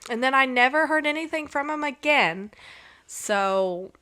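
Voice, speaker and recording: A woman's voice: sits high, expressive, unhurried, sharp tone. A young woman hosting a podcast, telling a story in a chatty way with lots of "like" fillers and reading out old text messages. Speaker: podcast host. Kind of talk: casual storytelling.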